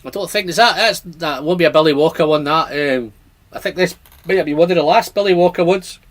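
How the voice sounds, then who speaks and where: A man's voice: a little high, fairly quick. A man hosting a casual whisky livestream, chatting and reading out viewer comments. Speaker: whisky channel host.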